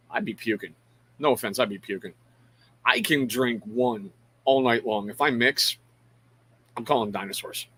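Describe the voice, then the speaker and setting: A middle-aged man hosts a casual live stream, rambling loosely, speaking frankly and making fun of himself as he breaks off mid-thought to greet viewers by name. His mid-range voice is bright, forceful and husky. The recording is low quality.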